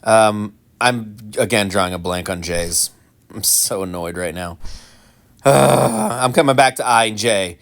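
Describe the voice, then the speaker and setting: A man giving casual, rambling commentary while playing a game, full of ums and restarts, with animated mock-indignant asides. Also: on the low side, a little slow, vocal fry. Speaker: gaming channel host.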